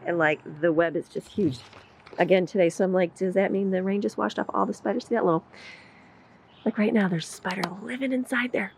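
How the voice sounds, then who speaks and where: Brisk and steady in tone, this homeschooling mom and vlogger has a creaky, husky voice as she chats casually through a day-in-the-life ramble. Some of it happens on her deck, and she uses a high voice when addressing her pets. Audio quality is poor.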